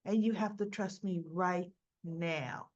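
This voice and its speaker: A woman's voice: takes it slowly, darkish tone, distant mic. A woman acting out an urgent, pleading woman in a dull lo-fi recording. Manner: high, emphatic and pleading.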